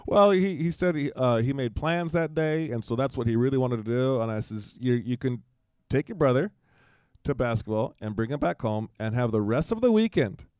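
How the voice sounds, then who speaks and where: Smooth-voiced man telling a personal story. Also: medium pitch, expressive, normal speed, a little mellow, no echo, studio quality. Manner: acts out quoted dialogue in livelier voices, frequent restarts. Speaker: guest. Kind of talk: casual conversational storytelling.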